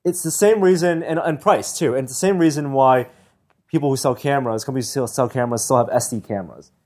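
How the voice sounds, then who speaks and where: A man co-hosting a podcast, chatting casually and explaining industry details with quick confidence. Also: medium pitch, darkish tone. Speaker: podcast co-host. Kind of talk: casual tech chat.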